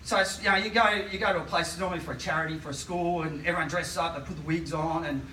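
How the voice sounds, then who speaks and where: A man's voice: fairly high pitch, fairly even intonation, racing, sharp tone. A man in his forties with an Australian accent, telling rambling stand-up stories full of fillers to a live crowd. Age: 40s. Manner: rambling, filler-heavy storytelling. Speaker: stand-up comedian. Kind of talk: stand-up comedy. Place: live comedy venue. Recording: echoey venue, distant mic, noisy. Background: audience laughter.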